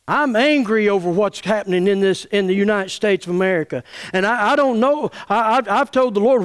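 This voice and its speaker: A middle-aged pastor, preaching an angry, folksy sermon full of stammered restarts. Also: male voice, high-pitched, brisk, hardly any pauses, clear, resonant tone. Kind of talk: fiery sermon.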